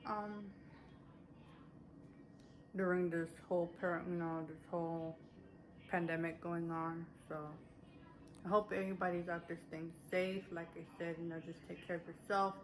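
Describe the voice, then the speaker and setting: A woman vlogger's fairly low voice stays steady at a moderate pace, with long pauses. She chats casually to camera about a haul, slightly breathless and rambling through fillers and restarts. A little hiss or hum is present.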